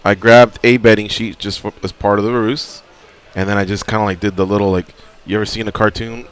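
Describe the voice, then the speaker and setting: A man who is a regular on a radio talk show, telling stories in a lively way and acting out the scenes. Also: lowish voice, a little fast, clean tone. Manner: animated storyteller acting out scenes. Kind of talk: casual radio chat.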